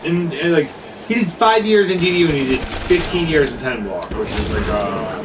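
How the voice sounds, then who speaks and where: A man's voice: fairly high pitch, lively intonation, normal speed. Rambling man, distant mic. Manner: rambling, profane storytelling. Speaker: podcast co-host. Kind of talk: casual chat. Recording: distant mic with background noise.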